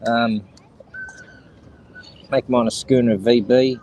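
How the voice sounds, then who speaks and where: Out by the sea among kids and seagulls, this middle-aged Australian jokes around and rambles to viewers in his stream chat. He speaks at medium pitch with a steady, mellow tone, a moderate pace and frequent pauses. Slight background noise comes through on a rough recording.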